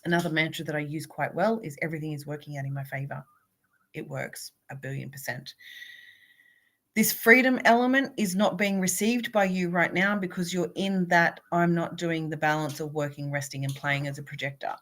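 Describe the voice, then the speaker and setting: A woman with a slightly low voice reads oracle cards live as a spiritual coach. She speaks warmly and encouragingly, addressing each viewer by name. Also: moderate pace.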